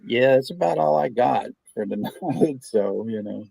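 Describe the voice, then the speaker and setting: A man's voice: mid-range voice, animated, unhurried, gravelly, mellow, slightly rough, no room sound. A man hosting a movie watch party stream, chatting casually and telling stories in a laid-back, profane way. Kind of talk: casual chat.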